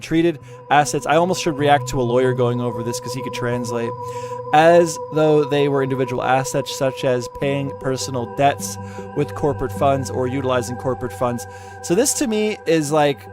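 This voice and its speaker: A man giving casual reaction commentary while reading a lawsuit aloud, exasperated and sarcastic, stumbling over the legal wording. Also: mid-range voice. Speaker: commentary YouTuber.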